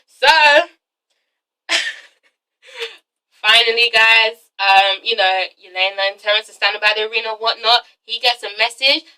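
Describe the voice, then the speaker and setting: Sassy, excitable woman reviewer with a high, bright voice; casual, swearing vlog recap. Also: moderate pace, long pauses, far from the mic, rough recording. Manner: sassy, profane, excitable, lots of "okay?". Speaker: TV episode reviewer.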